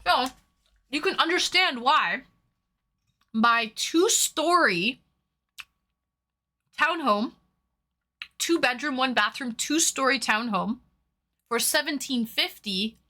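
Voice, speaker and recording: A woman's voice: high-pitched, lively intonation, takes it slowly, pauses often, sharp tone. A woman streamer chatting casually with viewers, reading their messages aloud and swearing freely. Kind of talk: casual chat.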